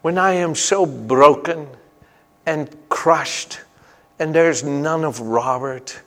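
A man preaching a sermon, fervent and emphatic, weaving personal stories into his message. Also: a little high. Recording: long reverb of a large hall.

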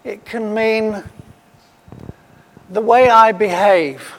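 A man's voice: high voice, drawn-out words. A man preaching a sermon, emphatic and repeating his key phrases for weight. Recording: long hall reverb.

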